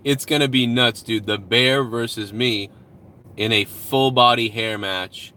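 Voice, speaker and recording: A man's voice: medium pitch, fairly even intonation, unhurried, bright, forceful tone, slight background noise. A man hosting a casual live stream outdoors at home, talking loosely and profanely while reading out viewer donations. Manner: rambling, profane, reads out donations.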